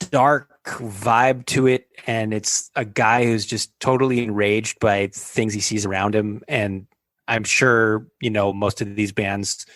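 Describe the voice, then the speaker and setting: A man's voice: on the low side, dry recording. A man talking as a podcast guest in casual chat, rambling loosely with fillers.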